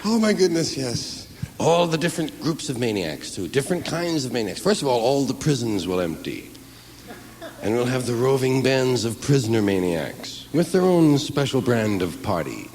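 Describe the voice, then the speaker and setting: A man performing stand-up comedy with a mocking, profane, animated delivery. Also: mid-range voice, normal speed, in a large hall.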